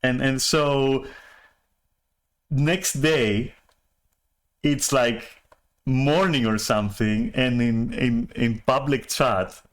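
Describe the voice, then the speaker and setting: A man's voice: medium pitch, fairly even intonation, extremely slow, long pauses. A man telling a story on a stream in a rambling, profane way, full of restarts and chuckles. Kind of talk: casual storytelling rant.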